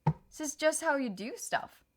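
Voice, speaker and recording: A woman's voice: high voice, a little slow, slight background noise. A young woman giving a casual tarot reading, rambling and interrupting herself with bursts of frustration. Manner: rambling, self-interrupting, animated. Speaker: tarot reader.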